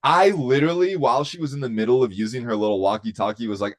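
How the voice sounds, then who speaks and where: A man's voice: medium pitch, quick pace, hardly any pauses. A man telling a rambling, profane story in casual chat, full of fillers.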